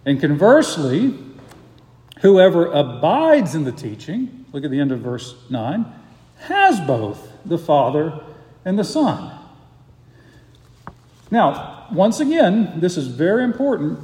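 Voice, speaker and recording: A man's voice: on the high side, very animated, slow pace, pauses often, darkish tone. A man preaching a sermon as pastor, earnest and emphatic, pressing his points with rhetorical questions. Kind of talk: expository sermon. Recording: echoey hall with long reverb.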